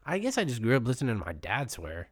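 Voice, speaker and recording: Animated man swearing casually. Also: mid-range voice, fast, dry recording, clean studio sound. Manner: candid, swears freely, animated. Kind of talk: casual chat.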